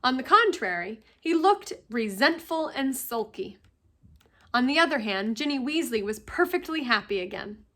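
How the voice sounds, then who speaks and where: A woman teacher reads a novel aloud with a steady, expressive storytelling delivery. Her voice sits high for a woman, and she keeps an even, engaging flow from line to line. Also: moderate pace.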